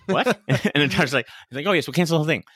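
A man co-hosting a podcast in casual chat, animated and quick to laugh, acting out quotes in a high voice. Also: slightly rough, dry recording. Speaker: podcast co-host.

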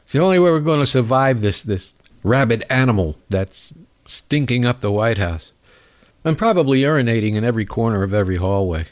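A man's voice: mid-range voice, animated, a little fast. A man hosting a podcast, delivering a sarcastic, mocking comedic political monologue. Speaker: podcast host.

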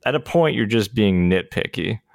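A man co-hosting a casual podcast chat, opinionated and animated, swearing casually. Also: fairly low pitch, moderate pace, gravelly, no room sound, studio quality. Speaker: podcast co-host.

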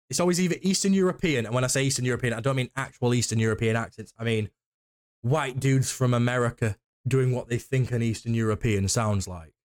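A man co-hosting a podcast in casual chat, excitable and rambling, who swears casually. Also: medium pitch. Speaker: podcast co-host.

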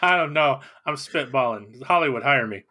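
A man's voice: mid-range voice, lively intonation, normal speed, pushed and bright, breathy edge. A man co-hosting a podcast in casual chat, with dry, wry humor. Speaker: podcast co-host.

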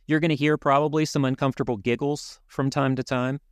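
Male podcast co-host, even mid pitch, earnest and measured, dry close sound. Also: clean tone, no room sound. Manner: earnest, measured, some restarts. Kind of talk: casual podcast chat.

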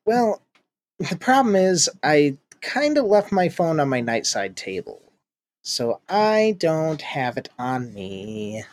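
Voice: mid-range voice, big pitch swings, slow pace. A game master narrating a tabletop role-play in a chatty, giggly way.

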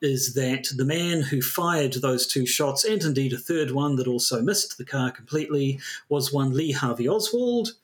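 A man's voice: mid-range voice, expressive, moderate pace, hardly any pauses. Rambling, hesitant male podcast host. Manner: rambling, hesitant, with many restarts. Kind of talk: casual chat.

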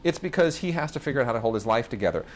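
A man's voice: medium pitch, expressive, racing, a little hiss or hum. Enthusiastic man rambling about films. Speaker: podcast host reviewing films. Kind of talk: casual film review chat.

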